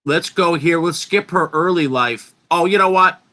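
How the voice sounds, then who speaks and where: A man's voice: a little high, moderate pace, pushed and bright. A man presenting an informal lecture, talking in an emphatic, rambling way and interrupting himself often.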